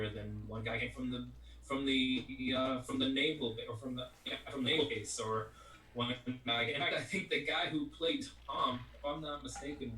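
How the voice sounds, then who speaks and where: A middle-aged man, a voice actor interviewed as a guest, rambles casually and keeps saying "you know what I mean." His mid-range voice sounds pushed and bright, and the echoey, distant recording has faint music and slight background noise.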